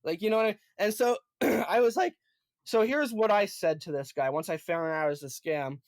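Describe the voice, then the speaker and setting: A man in his twenties, a podcast co-host, telling a story in casual chat, animated, profane and emphatic. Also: high-pitched, moderate pace, dry recording, clean studio sound. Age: 20s.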